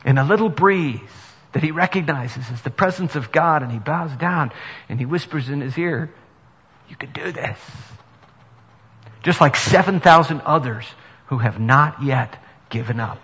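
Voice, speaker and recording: Speaking at a moderate pace, a man with a slightly high, somewhat bright, husky voice gives a sermon in a church sanctuary. He is a pastor whose earnest tone climbs to emphatic preaching, captured in dull sound with long reverb in a hall.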